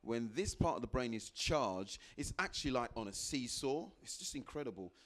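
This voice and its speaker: Animated man giving a motivational talk. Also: moderate pace. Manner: animated, acts out little dialogues with sudden high jumps in pitch; repeats phrases for emphasis. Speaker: guest speaker. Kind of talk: motivational talk to a live audience.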